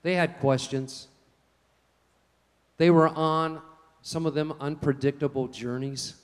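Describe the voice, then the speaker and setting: A man preaching a sermon, telling folksy stories in an animated way. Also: a little high, takes it slowly, smooth, in a large hall. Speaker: pastor.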